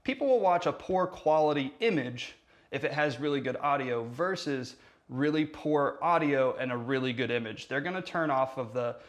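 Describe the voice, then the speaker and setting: A marketing tutorial host with a mid-range voice and moderate pace runs a casual how-to on a lav mic. He's energetic, talks with his hands, and uses lively inflection, recorded in a room with hard surfaces.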